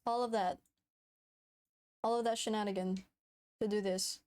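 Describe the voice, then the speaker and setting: A woman's voice: medium pitch, fairly even intonation, moderate pace, a little mellow. A young woman chatting on a livestream as a VTuber, frantic, swearing and giggling often. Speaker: VTuber streamer. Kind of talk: casual livestream chat.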